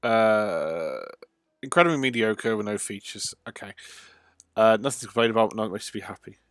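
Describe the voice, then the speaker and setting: A man's voice: lowish voice, normal speed, fairly bright tone, smooth, no room sound, clean studio sound. A man streaming a video game live, chatting in a loose, rambling way with frequent ums and uhs. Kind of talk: casual let's-play livestream commentary.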